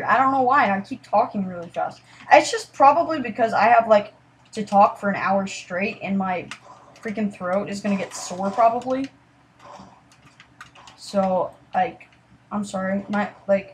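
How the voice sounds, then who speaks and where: A woman giving casual commentary over her gameplay, rambling and apologetic, sometimes trailing into quiet mutters and then bursting out excitedly. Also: medium pitch. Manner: excitable outbursts. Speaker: gaming commentator.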